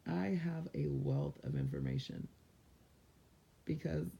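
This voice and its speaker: A man's voice: medium pitch, creaky, mellow, breathy edge. A man from San Diego giving casual motivational advice to viewers in a loose, conversational way. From San Diego, California. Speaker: mindfulness vlogger.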